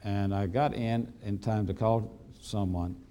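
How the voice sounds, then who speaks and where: An older male physician, telling a folksy anecdote to an audience with halting fillers. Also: fairly low pitch, steady tone, mellow. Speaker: physician and speaker. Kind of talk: storytelling talk to an audience.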